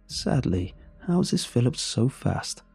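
A man's voice: mid-range voice, big pitch swings, slow pace, gravelly, dark tone, husky, faint music behind, exaggerated voice. A man voicing a coaxing, sinister house creature. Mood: possessive. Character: eerie inhuman creature, sweetly possessive, soft-spoken. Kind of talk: horror story reading.

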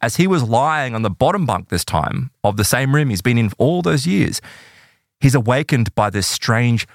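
A man telling an eerie true story in a casual podcast chat, animated and full of "right?" and "like". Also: mid-range voice, moderate pace, vocal fry, no room sound, clean studio sound.

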